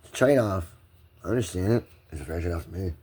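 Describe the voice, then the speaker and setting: A man's voice: sits low, expressive, quick pace, a little mellow, slightly rough. A middle-aged man, emotional and shaky, rambling and repeating himself as he stumbles through a personal rant recorded on a handheld phone. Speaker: vlogger.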